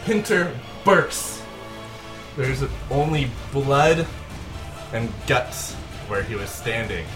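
A man's voice: mid-range voice, slow pace, over music. A man narrating a tabletop game as game master, in vivid, gory detail.

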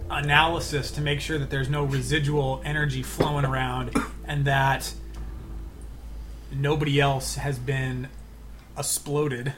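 Slow, bright-voiced man player. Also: mid-range voice, flat delivery, noisy background. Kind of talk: describing his character in a tabletop game.

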